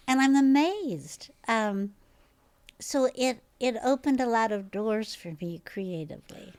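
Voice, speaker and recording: Older woman with a distinctive, lively voice. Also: a little high, unhurried, dry recording. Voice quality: distinctive, instantly recognizable voice. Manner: lively, laughs often while telling stories. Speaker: actress and podcast guest. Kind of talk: casual interview storytelling.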